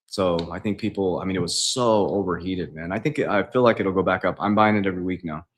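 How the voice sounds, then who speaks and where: A man's voice: deep voice, brisk. A man, an investing coach, talking casually on a livestream from his home kitchen, reading out viewer comments and answering them in a loose, chatty way.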